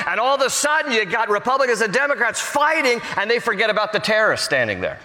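Male pastor preaching, really animated, acts out little voices, bright tone. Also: high voice, fast talker, hardly any pauses, long reverb tail. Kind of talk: sermon.

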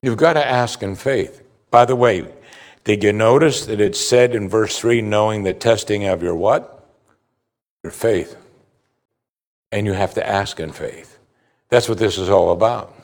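A man preaching a sermon, emphatic and animated, asking rhetorical questions. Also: fairly low pitch, a little slow, long pauses. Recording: long hall reverb.

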